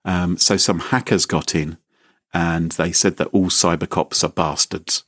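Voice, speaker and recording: A man's voice: deep voice, steady tone, a little slow, fairly bright tone, no room sound. A man hosting a podcast in casual chat, with dry, sarcastic humor. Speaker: podcast host.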